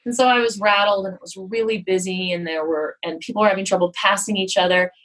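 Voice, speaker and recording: A woman with a mid-range, slightly bright voice and a steady tone talks fast as a guest at a yoga studio, recorded in low quality. Frank and self-deprecating, she tells candid personal stories in conversation and acts out what she and others said.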